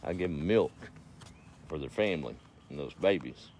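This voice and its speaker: A man voicing an old farm cow who complains in a low, quiet voice. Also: lively intonation, moderate pace. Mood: proud. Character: old milk cow, proud and weary.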